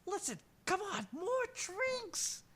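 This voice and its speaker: A man voicing a drunken, indebted male mercenary who talks loud and giggly. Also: very high-pitched, big pitch swings, slow, pitched above the performer's own voice, exaggerated voice. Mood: boisterous.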